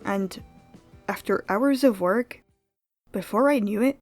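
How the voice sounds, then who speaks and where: A young woman narrating her own animation project in a calm, reflective vlog voice. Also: mid-range voice, measured pace, pauses often, no room sound. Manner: flustered, exasperated, laughing and near tears. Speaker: animator vlogger. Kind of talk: vlog narration and screen-recorded reactions. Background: background music.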